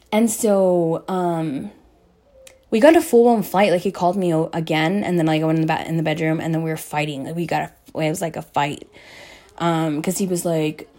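Animated profane young woman storyteller. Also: on the low side. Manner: profane, animated, acts out quoted voices. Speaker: streamer telling a story. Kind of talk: casual storytelling chat.

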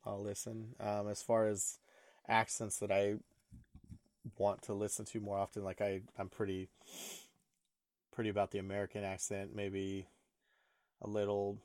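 A young man talks in a loose, joking podcast chat, his voice sitting a little low. He laughs often and stumbles into restarts. The sound is close and dry, with no room around it. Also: completely flat delivery, normal speed, pauses often, darkish tone, no echo. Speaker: podcast co-host. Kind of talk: casual chat.

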